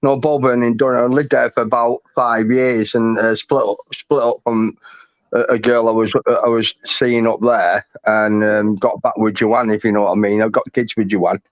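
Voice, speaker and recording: A man's voice: fairly low pitch, level tone, normal speed, no room sound, muffled recording. A man with a Warrington accent hosting a live stream, rambling through stories with lots of fillers and swearing. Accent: Warrington, northwest English. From Warrington, England. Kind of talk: casual chat.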